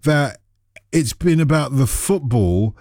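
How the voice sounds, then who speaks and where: A man's voice: mid-range voice, animated, slow, darkish tone, dry recording, studio quality. A man hosting a radio football phone-in, casual and jokey, breaking into jingles and silly voices.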